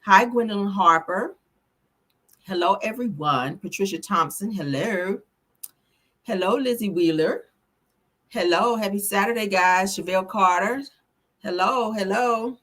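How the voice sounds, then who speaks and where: A woman's voice: medium pitch, a little slow, pauses often, fairly bright tone. A woman hosting a casual live stream, a little tipsy, chatting and swearing freely and calling her viewers honey and child. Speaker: host of a live gossip stream.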